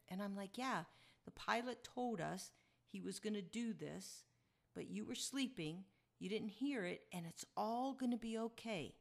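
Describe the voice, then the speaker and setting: A woman's voice: mid-range voice, normal speed, creaky. A woman hosting a podcast tells a personal story to her listeners. Her delivery is chatty and reflective, and she chuckles as she talks. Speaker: podcast host.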